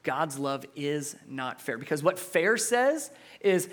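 A male pastor preaching a sermon in an expressive way, acting out quotes, swinging between loud and hushed. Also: a little high, slow.

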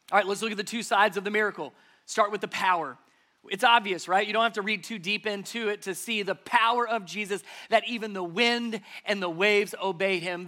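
Preaching in church, this pastor has a forceful voice that is high and bright. Key phrases come back again and again as he builds emphasis behind each point.

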